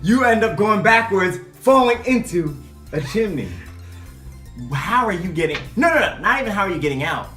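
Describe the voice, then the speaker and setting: A man in casual chat as co-host, posing lively what-if scenarios. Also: high voice, moderate pace, echoey room, soft background music.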